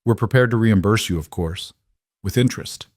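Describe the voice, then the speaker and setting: A man's voice: fairly low pitch, moderate pace, no echo, clean studio sound, close to an everyday voice. Patrick, a man playing a careful formal uncle. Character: middle-aged Irish uncle, careful and formal.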